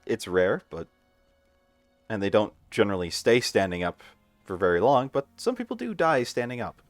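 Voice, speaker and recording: A man chatting casually with his wife while they play an online game at home, making wry deadpan jokes. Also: lowish voice, normal speed, no room sound, soft background music. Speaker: gamer playing with his wife. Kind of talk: casual let's-play chat.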